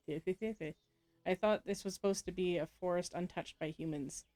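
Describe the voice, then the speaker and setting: A woman's voice: lowish voice, a little slow, mellow. A woman playing a story game, reading its text aloud and adding casual comments, often laughing and correcting herself. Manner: frequent laughs and self-corrections while reading. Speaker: game player.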